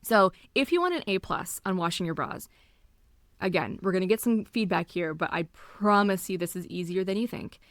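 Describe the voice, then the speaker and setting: A woman hosting a solo podcast, teaching listeners about bra care in a chatty, animated way with emphatic pleading. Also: fairly low pitch, normal speed, no room sound, studio quality. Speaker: podcast host and bra fitter.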